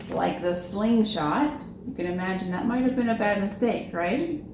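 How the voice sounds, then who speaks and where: A woman's voice: mid-range voice, normal speed. A children's librarian leading a preschool storytime, upbeat and chatty, asking the little ones questions as she explains. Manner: upbeat, talks to young children, asks questions. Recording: echoey room with background noise.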